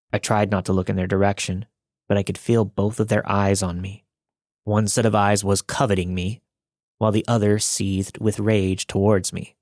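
A man with a low voice narrates true creepy encounters in a steady, measured way. The sound is dry and close, with no room around it. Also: no room sound. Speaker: podcast narrator reading listener stories. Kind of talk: scripted narration.

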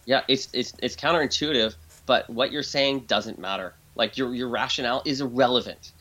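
A man talking as a guest expert in an interview. He explains in a lively, conversational way, often restarts his sentences and acts out voices when he quotes people. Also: medium pitch, a little fast.

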